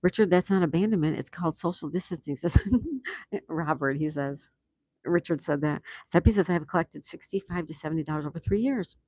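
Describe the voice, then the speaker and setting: A man's voice: a little high, fairly quick, darkish tone, no room sound. A man hosting a casual livestream, reading viewer comments aloud and reacting with easy laughs. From United States. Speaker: livestream host reading chat. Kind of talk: casual live chat.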